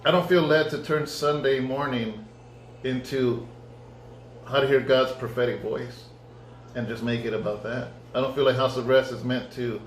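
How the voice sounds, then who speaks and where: Man, pastor, conversational sermon, animated storytelling, echoey church room. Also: mid-range voice, moderate pace, slight background noise. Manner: animated storytelling, acting out dialogue.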